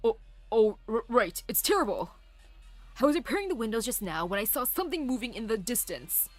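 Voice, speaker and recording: A woman's voice: on the high side, big pitch swings, brisk, dry recording, soft background music. A woman voicing a panicked townsperson who stammers and speaks with urgency.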